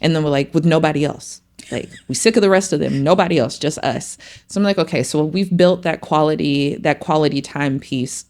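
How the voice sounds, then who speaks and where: A woman's voice: low-pitched, fairly quick. A middle-aged mother chatting casually on a podcast, acting out her children's lines as she tells family stories. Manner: animated storytelling, acts out her kids' lines. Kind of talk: casual chat.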